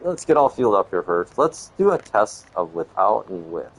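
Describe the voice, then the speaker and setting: A man's voice: fairly low pitch, big pitch swings, moderate pace, husky. A middle-aged man giving casual, rambling commentary while playing a video game, dropping "man" and "yo" as he goes. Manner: rambling, laid-back, says "man" and "yo". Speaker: gaming channel host.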